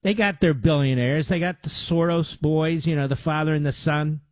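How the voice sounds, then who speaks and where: A man's voice: on the high side, moderate pace, dry recording. A man hosting a political talk radio show, combative and sarcastic, with mocking asides to his producer. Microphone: studio microphone.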